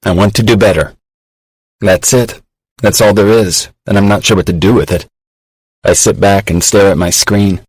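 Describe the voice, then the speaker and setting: Low, dry male audiobook narrator. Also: fairly even intonation, a little mellow, slightly rough, no echo, low-quality recording. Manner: measured and reflective. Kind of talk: scripted narration. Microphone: close studio mic.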